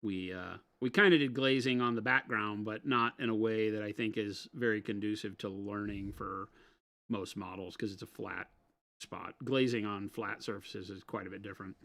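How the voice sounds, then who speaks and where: A man's voice: on the low side, fairly even intonation, moderate pace, creaky, fairly bright tone. A man hosting a casual livestream while painting miniatures, explaining patiently and trading dry, teasing banter. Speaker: host painting miniatures on stream.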